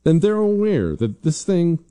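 Dark-voiced man hammering opinions home. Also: a little high, very animated, a little slow. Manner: emphatic, combative, repeats points for stress. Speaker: political commentary host. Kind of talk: opinionated commentary.

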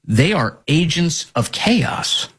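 A man's voice: fairly high pitch, big pitch swings, slow, a bit bright, slightly rough. A man hosting an opinionated political talk show, mocking his opponents by mimicking them.

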